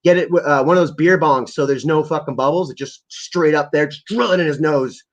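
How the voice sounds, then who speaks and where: A man's voice: fairly high pitch, a little fast, dull audio. A man ranting live on a stream, swearing heavily in an aggressive, rambling way. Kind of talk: profane livestream rant.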